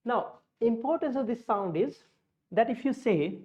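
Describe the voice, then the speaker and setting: A woman teaching pronunciation, slowly modeling vowel sounds against each other. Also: on the high side, lively intonation. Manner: slow, explanatory, models sounds in contrast. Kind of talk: pronunciation lesson with slides. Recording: muffled lo-fi audio.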